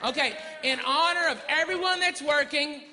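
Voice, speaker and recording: A man doing a stand-up comedy routine in a brash manner, shouting his punchlines on a club stage. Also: very high voice, moderate pace. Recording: reverberant club with audience noise. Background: audience laughter.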